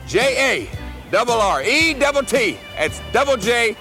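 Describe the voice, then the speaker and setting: A man doing a brash bragging country star heel, very high voice, wrestling promo, music bed behind. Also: big pitch swings, unhurried, gravelly, sharp tone, exaggerated voice. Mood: boastful. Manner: brash, bragging, spells his own name. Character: cocky boastful male country singer wrestling heel. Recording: archive clip with music bed.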